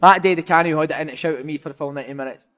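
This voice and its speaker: High-voiced man telling stories. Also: very fast. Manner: animated, swearing, lots of "mate". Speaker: former footballer, podcast guest. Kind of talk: casual storytelling chat.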